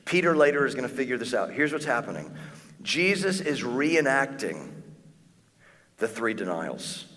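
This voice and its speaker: Lively preaching man in echoing hall. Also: medium pitch. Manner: conversational, animated preaching with quick acted-out asides. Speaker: pastor. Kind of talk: sermon. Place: church auditorium. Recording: long church hall reverb.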